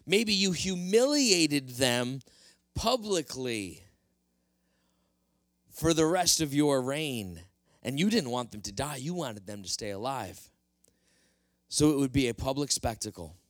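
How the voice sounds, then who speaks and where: A man's voice: medium pitch, animated, slow, long pauses, dry recording. A male pastor preaching a sermon, earnest and explanatory, addressing the congregation directly.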